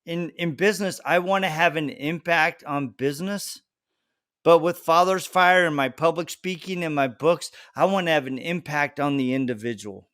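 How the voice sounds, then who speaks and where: An earnest man hosting a conversational interview and hammering home his points. His voice sits a little high for a man, and the recording is close and dry, with no room in it. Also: moderate pace, a bit bright, no echo. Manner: earnest, emphatic, repeats key points. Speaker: podcast host.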